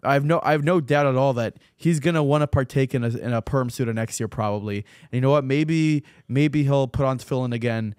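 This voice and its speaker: A man's voice: medium pitch, brisk, few pauses, a little mellow, smooth, no room sound, studio quality. A man hosting a casual podcast chat, telling news stories conversationally and often repeating words as he gathers his thoughts. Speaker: podcast host.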